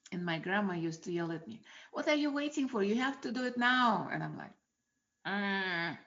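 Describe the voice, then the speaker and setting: Woman host, slow and reflective self-help talk, rhetorical questions, dull lo-fi sound. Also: on the low side, vocal fry. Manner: asks many gentle rhetorical questions.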